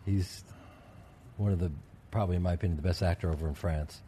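A middle-aged actor co-hosting a podcast speaks earnestly and eagerly, his voice sitting a little low. Faint room ambience hums behind him. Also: steady tone, fast, mellow, a little hiss or hum. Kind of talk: casual podcast chat.

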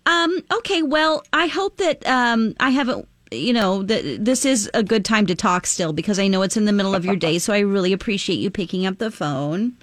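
A woman radio host running a prank phone call with an earnest pitch, stifling laughs. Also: normal speed, few pauses, no echo. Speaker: radio morning show host.

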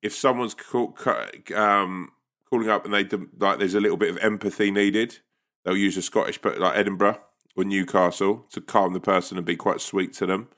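A man in casual comedic chat, swearing freely and bursting into animated storytelling. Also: deep voice, normal speed. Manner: swears freely, animated, puts on accents in anecdotes.

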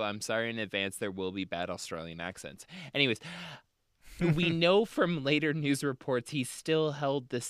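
A man's voice: mid-range voice, smooth, no room sound, clean studio sound. A male podcast host in casual chat, swearing freely and laughing as he talks. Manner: animated, swears a lot, laughs often.

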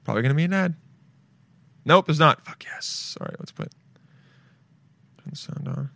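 A man's voice: fairly high pitch, animated, moderate pace, creaky, pushed and bright. Laid-back, profane male podcast host. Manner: loose, rambling and profane, with playful asides. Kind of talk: casual solo show chat.

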